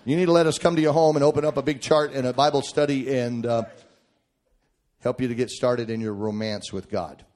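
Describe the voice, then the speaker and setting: A middle-aged man preaching a sermon, emphatic and folksy, swinging from shouted points to quiet joking asides. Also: mid-range voice, fairly even intonation, fairly quick.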